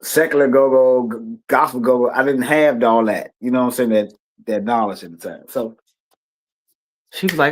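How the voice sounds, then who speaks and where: A man's voice: mid-range voice, normal speed. A middle-aged man with a Washington D.C. accent, telling stories as a guest in a casual, slang-heavy interview and acting out the voices he quotes. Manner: animated, acts out quoted voices, loose slang-heavy talk. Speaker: guest musician.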